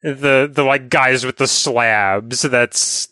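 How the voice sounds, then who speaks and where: A man with a bright, crisp voice talking through a relaxed podcast chat. He fills his sentences with "like" as he works toward his point, and his voice comes across close and dry. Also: mid-range voice, slow pace, no room sound. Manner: chatty, leans heavily on "like" fillers. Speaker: podcast co-host. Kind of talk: casual chat.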